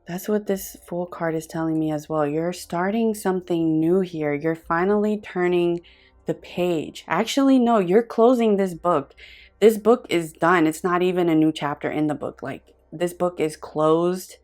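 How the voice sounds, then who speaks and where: A woman giving a pick-a-card tarot reading in an earnest, effusive way, pausing often and restarting her sentences as she reaches for words. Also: fairly low pitch, a little mellow. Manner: earnest, effusive and intuitive, with frequent pauses and restarts. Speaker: tarot reader.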